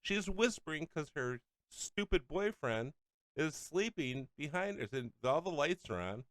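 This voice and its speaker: A man hosting a talk show who rants and sneers between clips, his voice smooth and resonant. The sound is close and dry, with no room around it. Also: a little high, big pitch swings, measured pace, a bit bright, dry recording. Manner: ranting, mocking, often laughing. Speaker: political radio host. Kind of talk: angry political commentary over clips.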